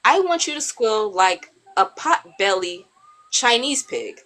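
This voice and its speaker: A woman's voice: on the high side, big pitch swings, slow pace, a bit bright, full character voice. A woman playing a mocking, menacing armed woman. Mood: taunting. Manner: mocking, taunting.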